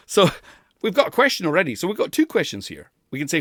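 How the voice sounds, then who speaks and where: Animated man coaching pronunciation. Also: high voice, moderate pace, no room sound, clean studio sound. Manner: animated, demonstrative, laughs often. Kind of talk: pronunciation lesson.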